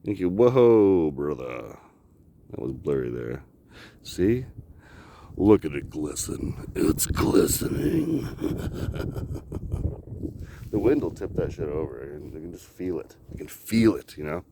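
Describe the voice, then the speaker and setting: Slow, mellow-voiced man rambling outdoors. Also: a bass voice, expressive, slight background noise. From Canada. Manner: rambling, swears a lot, laughs often, drawn-out musing. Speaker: vlogger. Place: outdoors by the water.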